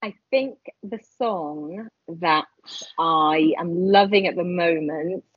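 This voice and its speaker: A woman in her forties chatting casually as a podcast guest, animated and quick to laugh. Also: fairly low pitch, breathy edge, no echo. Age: 40s. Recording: dull lo-fi sound.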